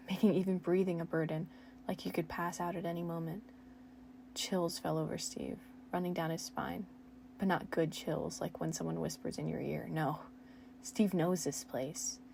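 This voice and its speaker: Young woman with a gravelly, low voice. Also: a little mellow, slight background noise. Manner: self-mocking, laughs at her own writing. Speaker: storyteller reading her old fan fiction. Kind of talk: casual reading aloud with chatty asides.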